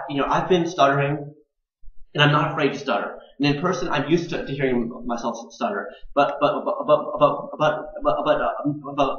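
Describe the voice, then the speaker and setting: A man's voice: medium pitch, a bit bright. A young man who stutters, repeating words and syllables with many fillers, talking earnestly in a personal video blog. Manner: earnest, grows more intense as he speaks. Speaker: video blogger. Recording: roomy, dull home camera sound.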